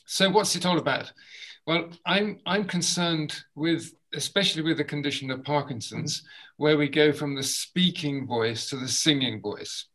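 A man leading a group voice exercise session over a video call, encouraging and demonstrating sounds with loud bursts. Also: a little high, moderate pace, poor audio. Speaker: voice and movement workshop leader.

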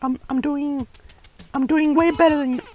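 High-voiced boastful male gamer. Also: fairly even intonation, normal speed, low-quality recording. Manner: taunting, boastful and crude, yells at mistakes. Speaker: gamer co-host. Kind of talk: gameplay commentary.

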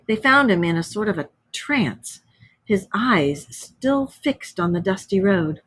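A woman teacher reads a story aloud to children with plenty of expression. She then pauses to explain it and ask questions. Her voice has a slightly husky edge. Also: mid-range voice, animated, a bit bright. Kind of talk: reading a story aloud to a class.

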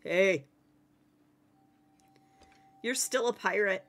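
A woman streaming a game live, chatting playfully with viewers and teammates, excitable and given to yelling. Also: mid-range voice, slow, pauses often. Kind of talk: casual live-stream chat while playing.

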